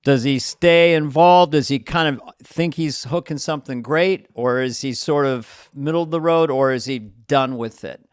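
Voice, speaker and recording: A man's voice: mid-range voice, moderate pace, few pauses, clear, resonant tone, no echo, clean studio sound. A man co-hosting a casual chat, musing aloud and adding short agreements. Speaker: podcast co-host.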